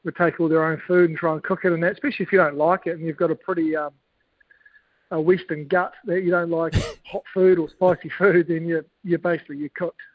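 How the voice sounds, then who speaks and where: A man's voice: a little high, level tone, brisk, no echo, narrow, tinny audio. A man with a New Zealand accent, a former cricketer as guest, chatting in a laid-back storytelling way and laughing often. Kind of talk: casual podcast chat.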